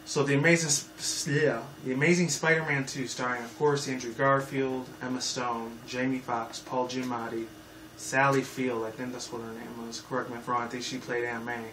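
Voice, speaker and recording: A man's voice: mid-range voice, steady tone, fairly quick, a bit bright. A man in his twenties giving a rambling, profane, casual movie review full of fillers. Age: 20s. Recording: echoey room, mic far off, faint noise.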